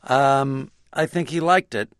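A man's voice: medium pitch, takes it slowly, smooth, no echo, studio quality. An older man, a guest comedy writer and actor, telling wry interview anecdotes with chuckles and acted-out quotes. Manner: wry, chuckling storyteller who acts out the quotes.

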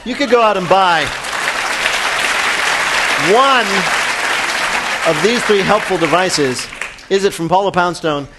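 A man hosting a radio quiz show in an upbeat, brisk, emphatic way. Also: high-pitched, over a noisy crowd, heavy background noise.

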